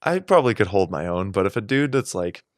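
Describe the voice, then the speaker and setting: A man's voice: sits low, very animated, fast talker, no echo, clean studio sound. A man co-hosting a podcast in loose late-night chat, rambling and swearing freely. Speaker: podcast co-host.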